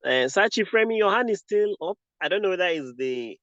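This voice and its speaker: A man's voice: high voice, lively intonation, fairly quick, a bit bright, no room sound. A man moderating an online teaching session, polite and deferential, handing over between speakers. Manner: deferential, says sir often. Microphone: video call. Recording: dull lo-fi call audio.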